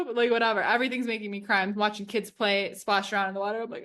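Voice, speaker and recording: A woman's voice: mid-range voice, steady tone, fast talker, a bit bright. Chatty woman in her thirties, laughing often. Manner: chatty, fills speech with "like", laughs often while telling stories. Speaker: podcast co-host. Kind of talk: casual chat.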